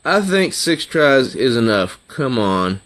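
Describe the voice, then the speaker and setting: A man's voice: medium pitch, sing-song, slow pace, a bit bright. A man reading a glum embarrassed teen girl. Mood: weary. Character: teenage girl, embarrassed and miserable.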